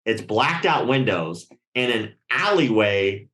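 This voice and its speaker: A man's voice: lowish voice, slow, reverberant. A man telling a story casually and with lots of swearing, acting out the voices of the people he quotes. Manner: animated, profane, acts out quoted voices.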